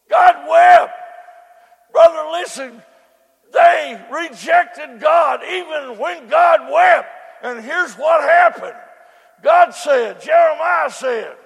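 Older man, sermon, very high gravelly voice, long echoing hall reverb. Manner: prays softly, then preaches in rising shouts. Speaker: preacher.

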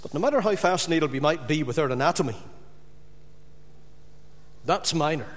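A man delivers a sermon in a high, ringing voice, pressing hard on repeated words. His voice carries a long reverberation, as in a church or hall. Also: animated, moderate pace. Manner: emphatic, rising to loud repeated stresses. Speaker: preacher.

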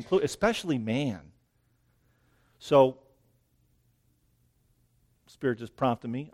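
A man's voice: fairly high pitch, a little mellow. Slightly breathless male preacher. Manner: conversational, keeps asking "right?". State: a little out of breath. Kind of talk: sermon. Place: outdoors near dense greenery.

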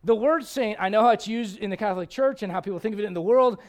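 A man in his forties delivers a sermon from the pulpit with a strikingly high-pitched voice. He reads scripture and breaks off into animated, joking asides to the congregation. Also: fast talker. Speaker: pastor.

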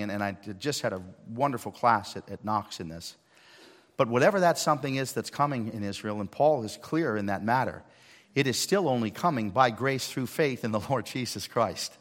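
A male pastor giving a sermon, swinging between hushed lines and loud emphatic ones. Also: mid-range voice. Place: church sanctuary. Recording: long hall reverb.

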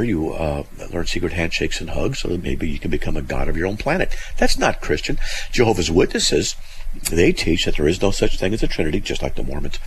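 Deep-voiced animated male radio host. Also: slight background noise, rough recording. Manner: blunt, animated, laughs at what he reads. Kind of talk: call-in radio talk, reading hate mail.

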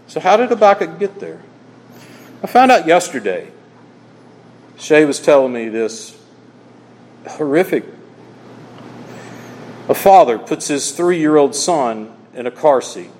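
A man preaching a sermon as pastor, telling stories that drop soft and then rise emphatic. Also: a little high, sing-song, slow pace, pauses often, slight background noise. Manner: storytelling, dropping soft then rising emphatic. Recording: long hall reverb.

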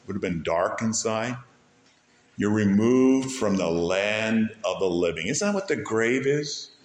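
Man preaching in an echoey sanctuary. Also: on the low side. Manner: animated preaching, rising emphasis on key words. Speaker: pastor. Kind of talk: sermon.

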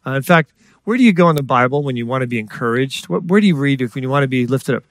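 A man preaching a sermon in a lively storytelling way, acting out voices and joking with the congregation. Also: mid-range voice, quick pace, dry recording. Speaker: guest preacher. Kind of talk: sermon with stories.

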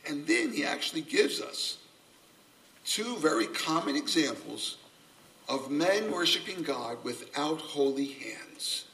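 An older man preaching a sermon, earnest and gently humorous, a self-described subdued speaker. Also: a little high, big pitch swings, takes it slowly. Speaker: pastor. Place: church sanctuary. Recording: voice from a distance off the mic.

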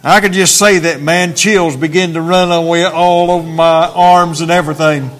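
A man preaching in a church, reading scripture aloud slowly and then speaking earnestly to the congregation. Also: a little high, fairly even intonation, fairly bright tone. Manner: slow, deliberate King James reading, then earnest preaching.

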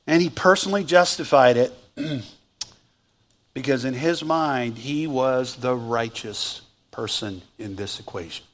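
A male pastor preaching a sermon as lively storytelling, asking the congregation questions. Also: medium pitch, measured pace.

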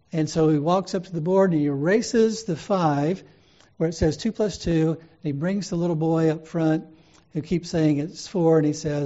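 Mellow-voiced man preaching a sermon. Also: a little high, fairly even intonation, moderate pace, highs cut off.

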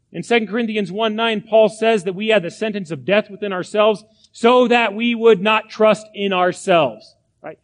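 A man preaching a sermon from the pulpit, emphatic, with repeated phrases and rhetorical questions. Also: sits high. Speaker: pastor.

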